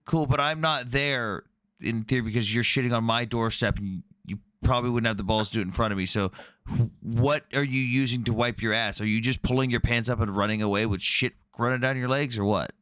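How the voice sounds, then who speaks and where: A man's voice: mid-range voice, fairly even intonation, a little fast, fairly bright tone, clean tone. A man hosting a casual online debate, talking bluntly and sarcastically with frequent swearing. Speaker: debate host.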